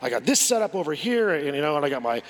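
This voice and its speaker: A man's voice: a little high, sing-song, racing, big-room sound, voice pushed down. A man voicing a smug, self-assured man who plays his life like a chess game and boasts of his safeguards.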